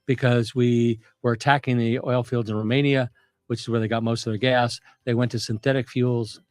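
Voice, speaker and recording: An older man talks through history at length, circling back with restarts and fillers. His voice sits at an ordinary middle pitch, recorded dry and close with no room sound. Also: flat delivery, normal speed, darkish tone, clear, resonant tone, dry recording. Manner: detailed, rambling explanations with restarts and fillers. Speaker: guest historian, retired Navy captain. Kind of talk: conversational history explanation.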